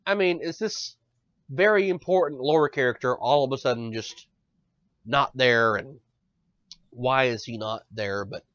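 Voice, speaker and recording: A man hosting a casual podcast, ranting in an animated, profane way and often stumbling over his words. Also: mid-range voice, measured pace, dry recording. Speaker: podcast host. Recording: dull dry lo-fi audio.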